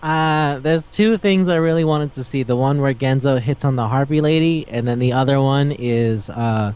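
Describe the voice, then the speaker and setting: A man co-hosting a casual podcast about anime and manga. He talks animatedly, swears freely and keeps slipping into quick voices for the characters. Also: medium pitch, darkish tone, smooth. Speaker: podcast co-host. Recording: dull lo-fi sound.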